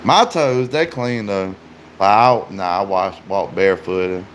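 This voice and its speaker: A man's voice: sits low, a little slow, a little hiss or hum. A man livestreaming, chatting casually and joking profanely with his viewers.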